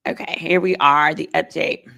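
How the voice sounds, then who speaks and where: A woman's voice: low-pitched, fairly even intonation, moderate pace, gravelly, pushed and bright. A woman lawyer hosting a live stream, reading chat comments and giving sassy, chatty legal commentary.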